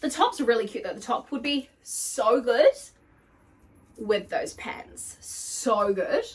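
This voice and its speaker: A woman's voice: on the high side, very animated, slow pace, recorded from a distance. A young woman vlogging in casual chat, bubbly and gushing, full of "like" as she tries on clothes at home. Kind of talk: casual try-on haul chat. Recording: voice picked up from across the room.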